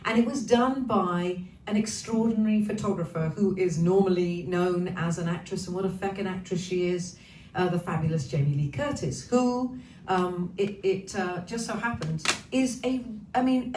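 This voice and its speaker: A chatty, foul-mouthed woman greets her viewers in a relaxed, cheeky way. Her voice sits a little away from the mic in a roomy, echoey space with a faint hiss underneath. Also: medium pitch, normal speed, far from the mic. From Wales. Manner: chatty, cheeky, swears freely. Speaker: singer hosting a livestream. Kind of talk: casual chat greeting viewers. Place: her home.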